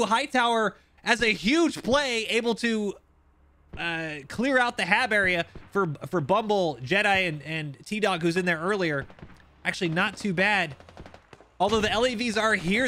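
A man commentating recorded shooter gameplay, excitable and quick to react, with wry asides. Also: high voice, slight background noise. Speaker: gaming channel host.

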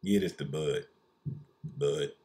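A man voicing a menacing white Southern lynch-mob man with a put-on Southern accent and a slow, menacing drawl. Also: a bass voice, warm tone, pitched below the performer's own voice.

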